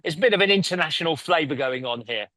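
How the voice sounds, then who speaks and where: On a remote call from his home in Italy, this English-born founder talks with earnest energy, often restarting and repeating himself. He's fast and animated, with a fairly high pitch and a sharp tone, on a dry recording.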